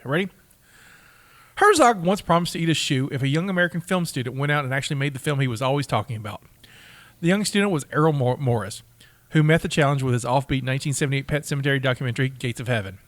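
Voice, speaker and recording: A man's voice: mid-range voice, lively intonation, quick pace, no echo. A man co-hosting a podcast, reading out trivia with eager stumbles and laughs in casual chat. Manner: enthusiastic, reads facts aloud with stumbles and laughs. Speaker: podcast co-host.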